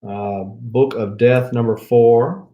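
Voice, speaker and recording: A man's voice: medium pitch, fairly even intonation, highs cut off. Rambling Southern man. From Mississippi. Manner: rambling, chuckling, drawn-out fillers. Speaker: comic book channel host. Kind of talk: casual rambling haul chat.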